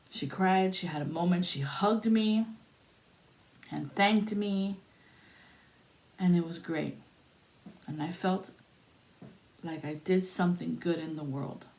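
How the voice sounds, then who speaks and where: A woman telling a spiritual story in a soothing, drawn-out way, pausing between phrases. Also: sits low, a little mellow.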